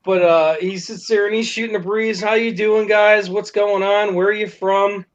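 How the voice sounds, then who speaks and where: A man's voice: high-pitched, level tone, normal speed. A man telling a story casually to friends, laughing, swearing and acting out the quotes. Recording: dull lo-fi recording with faint noise.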